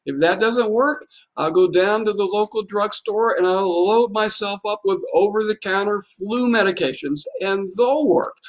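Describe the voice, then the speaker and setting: A male pastor giving a livestreamed sermon, telling a story in a conversational, folksy way full of rhetorical questions. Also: high voice.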